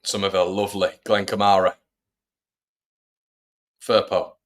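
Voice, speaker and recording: Man, lowish pitch, casual watch-along commentator, talks to his chat. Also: little pitch movement, measured pace. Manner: chatty, addresses viewers as everybody. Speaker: fan channel host.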